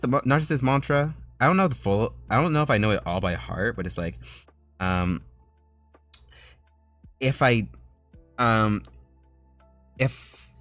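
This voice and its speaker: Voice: medium pitch, expressive, normal speed, pauses often, dry recording. A playful streamer talking casually with their chat while drawing on a livestream. The voice rises and falls a lot and often breaks into teasing laughs. It sounds dry and close, with faint music underneath.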